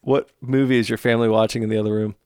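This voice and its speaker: A man's voice: mid-range voice, flat delivery, racing, a little mellow, clean tone, dry recording, clean studio sound. A man hosting a podcast in casual chat. He teases his co-host playfully and asks him questions. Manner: playful teasing, interviewing.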